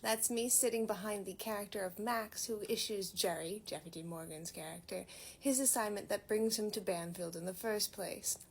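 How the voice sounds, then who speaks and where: A woman's voice: mid-range voice, fairly even intonation, moderate pace, creaky, a little hiss or hum. A young woman from Massachusetts, chatting casually and self-mockingly as she reviews a movie she turned out to be an extra in. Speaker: movie reviewer and background actor.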